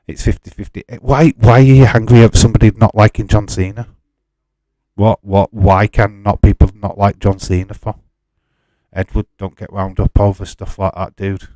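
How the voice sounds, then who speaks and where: A man's voice: on the low side, mellow, no echo. A man hosting a live stream, chatting casually with his viewers and arguing with them in an exasperated way, laughing often.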